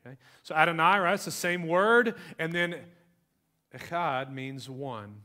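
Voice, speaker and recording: A man preaching a sermon as pastor, talking conversationally and swinging between soft asides and emphatic lines. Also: on the high side, unhurried.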